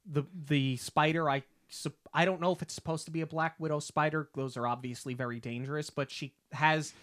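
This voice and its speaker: A man's voice: fairly high pitch, brisk, no room sound, clean studio sound. Upbeat man chatting about a film. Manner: enthusiastic, animated retelling of scenes. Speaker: podcast co-host. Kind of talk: casual film discussion.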